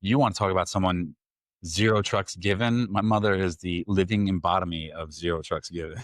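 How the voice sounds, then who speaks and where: A man's voice: low-pitched, fairly quick, dry recording, clean studio sound. A man in his forties co-hosting a podcast, chatting casually with lots of filler words. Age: 40s. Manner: relaxed, chatty, plenty of "like" fillers. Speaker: podcast co-host. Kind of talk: casual chat.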